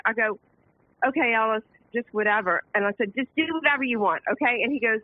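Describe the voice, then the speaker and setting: A woman calling in to a radio show, telling a family story in an animated way, laughing often and acting out the quotes. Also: a little high, fast talker, no echo. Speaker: caller. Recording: phone line.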